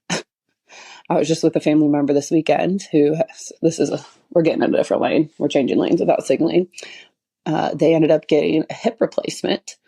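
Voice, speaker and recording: Low, husky-voiced woman chatting. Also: fairly even intonation, brisk, warm tone. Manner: rambling storytelling with frequent laughs and acted quotes. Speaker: podcast host and chiropractor. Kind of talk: casual solo podcast monologue.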